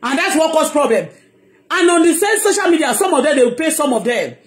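A Nigerian-accented woman with a high voice speaks to her followers in a fired-up live monologue. She hammers her points home with emphasis and says them again. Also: big pitch swings, a little fast. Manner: emphatic, heated, repeats herself. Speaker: online blogger.

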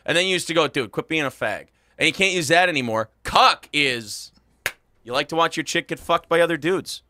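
A male morning radio host doing crude, mocking comedy banter, loud and quick to laugh. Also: fairly high pitch.

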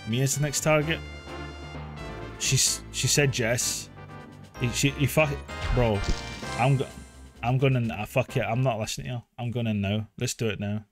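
A man in his thirties talks through a game live, excitable and quick to swear and laugh. His voice sits at an ordinary middle pitch for a man. Faint game music plays underneath. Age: 30s. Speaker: streamer. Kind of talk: casual live gameplay commentary.

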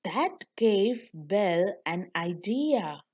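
Woman storyteller for kids, very slow, lively melodic pitch. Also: slightly rough, muffled recording. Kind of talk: children's read-aloud narration.

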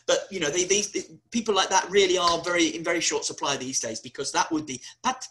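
A university lecturer giving a webinar talk, animated and wry, often spelling words out letter by letter. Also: medium pitch, quick pace, poor audio.

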